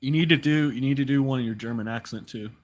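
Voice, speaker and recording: A man's voice: medium pitch, fast. A man on a podcast in casual banter, joking and giggling often.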